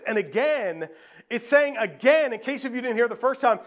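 Male preacher, very high-pitched; sermon delivery with scripture readings, loud-to-hushed swings. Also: moderate pace. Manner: rhetorical questions, swings from raised to hushed; reads scripture aloud, repeats phrases.

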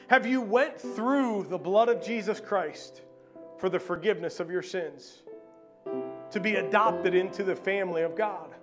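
A man's voice: sits high, moderate pace, over music. A middle-aged man preaching a sermon as pastor, with many fillers and repeated starts.

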